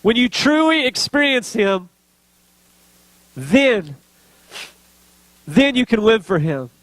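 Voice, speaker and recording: A man's voice: extremely high pitch, sing-song, takes it slowly, fairly bright tone, no room sound. A man preaching a sermon as pastor, speaking earnestly and building to emotional intensity.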